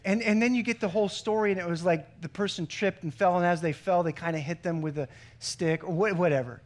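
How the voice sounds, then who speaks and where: A man with a high voice preaching a sermon. He talks conversationally, slipping in jokes and stories between his points. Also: brisk, few pauses. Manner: conversational preaching with joke-telling asides. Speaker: pastor.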